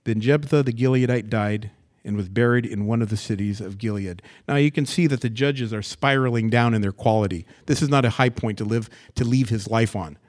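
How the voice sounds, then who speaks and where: A pastor from the US West Coast works through a Bible passage verse by verse. His medium-pitched voice moves fairly quickly, and his folksy, animated delivery is full of plain-spoken asides and stories.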